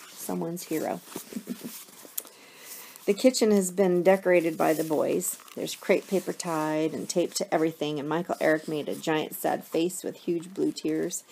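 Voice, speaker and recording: A woman teacher reads a novel aloud to her students, telling the first-person story with expression. Her voice is lowish and gravelly. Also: warm tone, slight background noise. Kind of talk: reading a novel aloud to a class.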